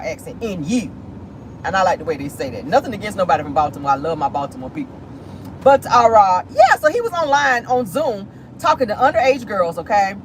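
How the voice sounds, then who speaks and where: A woman giving sassy, animated celebrity gossip commentary while driving in her car. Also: medium pitch, a little hiss or hum, rough recording. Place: in a car, driving near an airport.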